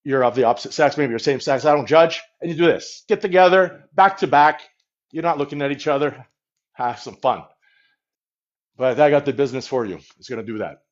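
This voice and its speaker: A man's voice: mid-range voice, a little fast. A man in a comedic livestream, rambling and boasting to his viewers, talking into a phone held at arm's length. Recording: dull lo-fi phone stream.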